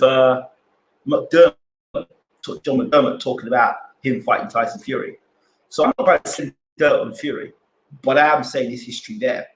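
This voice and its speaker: A man's voice: medium pitch, reverberant, slight background noise, low-quality recording. A man hosting a boxing channel live stream, arguing his points with repeated rhetorical questions and answering chat.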